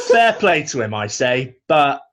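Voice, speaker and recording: A man's voice: medium pitch, sing-song, slow pace, a bit bright. A man co-hosting a comedy podcast from home over a video call, mock-ranting in a dry, grumbling way. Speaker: podcast co-host. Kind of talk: casual comedic chat. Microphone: video call microphone.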